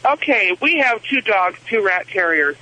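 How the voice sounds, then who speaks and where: A woman's voice: mid-range voice, big pitch swings, normal speed, pushed and bright. A woman calling into a radio show, chatty and friendly. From United States. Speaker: caller. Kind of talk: phone call to radio show. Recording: tinny phone line.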